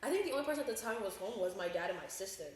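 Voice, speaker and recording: A woman's voice: mid-range voice, expressive, very fast, a little mellow. A young woman co-hosting a podcast, telling a story in casual, profane chat and acting out her own quotes. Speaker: podcast co-host. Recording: very echoey room.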